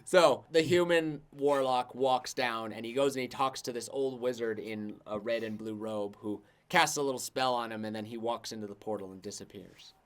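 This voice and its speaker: A man's voice: mid-range voice, normal speed, few pauses. A man narrates a fantasy tabletop game as its game master. He rambles and restarts his sentences, and he peppers them with "like". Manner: rambling, lots of "like".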